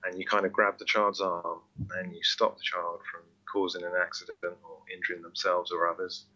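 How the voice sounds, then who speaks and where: A man joining a podcast discussion on a call, halting, with many fillers and restarts. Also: low-pitched, little pitch movement, bright, forceful tone, lo-fi sound. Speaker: podcast guest.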